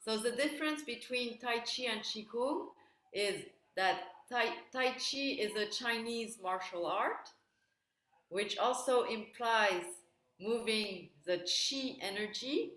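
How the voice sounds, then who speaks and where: A woman instructor leading an online wellbeing workshop, calmly cueing movements step by step over a video call. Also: fairly high pitch, slow pace, recorded from a distance. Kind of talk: guided exercise instruction. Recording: very echoey room, voice away from the mic.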